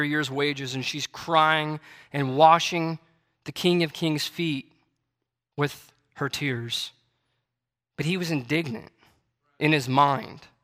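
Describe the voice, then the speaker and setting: A man's voice: fairly high pitch, pushed and bright. A male preacher delivering a sermon in church, reading scripture and building to emphatic, repeated declarations. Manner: preaching with rising intensity and emphatic repetition; reads scripture aloud in King James wording. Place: church sanctuary. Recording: long hall reverb.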